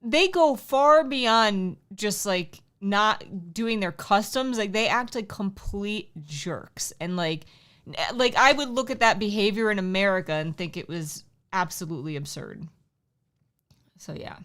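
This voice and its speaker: A woman's voice: mid-range voice, animated, unhurried, a bit bright. A woman in her thirties co-hosting a casual livestream, chatty and teasing, reading viewer comments aloud. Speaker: livestream co-host. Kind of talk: casual chat.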